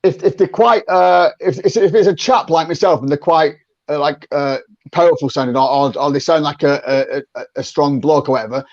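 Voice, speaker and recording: A man's voice: a little high, normal speed, a little mellow, dry recording. Chatty man on a dull dry call. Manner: chatty, repeats words when restarting, acts out phone calls. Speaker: podcast guest, sales coach. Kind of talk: conversational interview.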